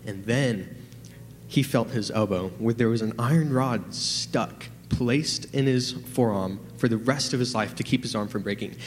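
A man's voice: mid-range voice, moderate pace, big-room sound, a little hiss or hum. A nervous, trembling young man giving a rambling personal testimony in a church, full of fillers. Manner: excited, rambling with many fillers. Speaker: testimony giver.

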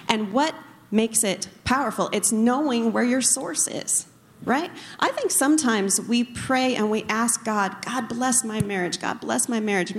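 A woman speaking casually at a church talk, chatty and self-deprecating as she tells a personal story. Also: medium pitch. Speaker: co-speaker, pastor's wife. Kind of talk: casual sermon talk with anecdotes. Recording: long reverb of a large hall.

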